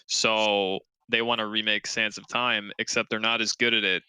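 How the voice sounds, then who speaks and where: A man's voice: fairly low pitch, flat delivery, moderate pace, pushed and bright, clean tone, no echo, rough recording. A man co-hosting a casual gaming podcast, talking emphatically and swearing often while he argues his opinions. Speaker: podcast co-host.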